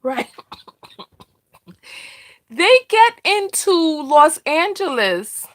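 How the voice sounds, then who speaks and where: A woman's voice: high-pitched, sing-song, drawn-out words, a bit bright. A woman hosting a live stream in casual, chatty talk, often repeating herself and checking in with "right?". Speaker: host of a live discussion.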